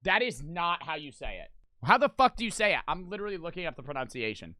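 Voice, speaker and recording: Loud, swearing young man reacting. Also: on the high side, very animated, quick pace, no echo. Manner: loud, swears a lot, rants. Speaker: streamer reacting to old commercials. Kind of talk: casual reaction commentary.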